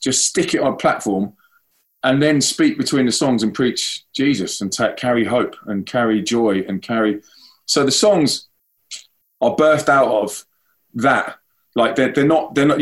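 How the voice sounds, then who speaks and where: A man with a London accent, an evangelist and band frontman, chatting casually and upbeat in an interview, with lots of restarts. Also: mid-range voice.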